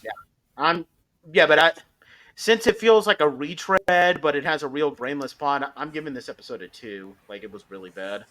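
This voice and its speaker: A man hosting a podcast, talking through episodes in a casual, animated way, rambling with frequent restarts. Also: fairly high pitch, normal speed. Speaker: podcast host. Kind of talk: casual review chat.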